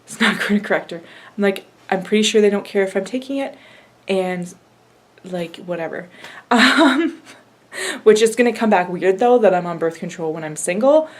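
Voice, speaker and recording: A woman's voice: medium pitch, lively intonation, moderate pace. A woman in her thirties giving a casual vlog update, chatty and retelling conversations in quoted back-and-forth. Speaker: vlogger.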